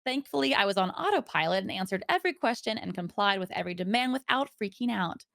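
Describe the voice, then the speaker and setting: A woman hosting a podcast, reading listener stories aloud and chatting casually in an animated storytelling manner. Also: medium pitch, quick pace, vocal fry, no room sound, clean studio sound. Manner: animated storyteller who acts out voices in quotes. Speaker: podcast host.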